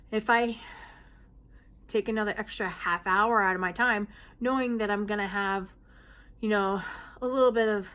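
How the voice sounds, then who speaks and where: A woman's voice: fairly high pitch, fairly bright tone. Chatty woman with sudden vocal tics. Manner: chatty, broken by sudden vocal tics, hoots and throat clearing. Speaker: vlogger answering viewer questions. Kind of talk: casual Q&A vlog.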